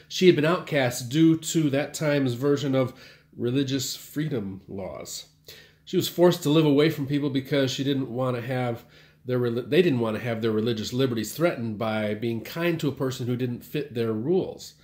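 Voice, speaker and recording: A man's voice: mid-range voice, normal speed, a little mellow. Wry man giving a church update. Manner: wry, storytelling, varies volume for emphasis. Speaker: pastor. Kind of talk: short sermon-style news update.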